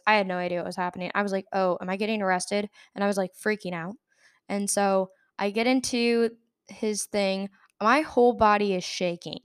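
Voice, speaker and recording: A woman's voice: mid-range voice, a bit bright, smooth, no room sound. Young woman, podcast host, casual storytelling, rambling, laughs often, dry sound. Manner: rambling, filler-heavy retelling with frequent laughs.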